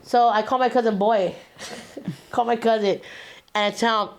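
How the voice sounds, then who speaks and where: A woman's voice: fairly high pitch, moderate pace. A woman, telling a personal story as a guest in a casual, streetwise way with slang and swearing.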